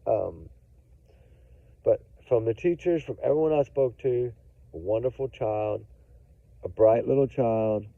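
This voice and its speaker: Here a true crime commentator talks to "y'all" at a measured pace, leaving long pauses. His gravelly, medium-pitched voice has lively intonation, he hammers his points through repetition, and the echo-free audio sounds tinny, like a phone.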